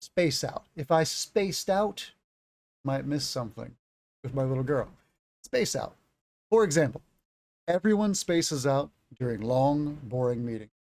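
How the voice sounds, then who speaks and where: A man's voice: medium pitch, expressive, measured pace, darkish tone. A man in his thirties, an English teacher, explaining vocabulary in a chatty way on a livestream, with stories from his own life.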